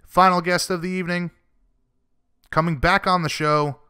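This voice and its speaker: A man's voice: sits high, fairly even intonation, normal speed, sharp tone, clean tone. A man hosting a sports radio show, chatting easily with his guests and laughing along.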